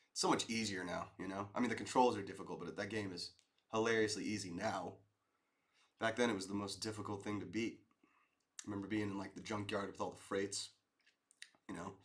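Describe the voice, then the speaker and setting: A man's voice: fairly low pitch, steady tone, brisk, pauses often. Laid-back man chatting with his stream. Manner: laid-back, rambling, says dude and man. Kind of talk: casual chat reading viewer comments.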